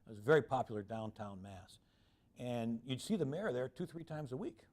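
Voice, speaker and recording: A man's voice: mid-range voice, fairly quick. A middle-aged man lecturing to an audience in a mid-range voice. He tells stories with energy and slips into the voices of the people in them. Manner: animated anecdotes, acting out quoted voices. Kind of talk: public lecture with storytelling.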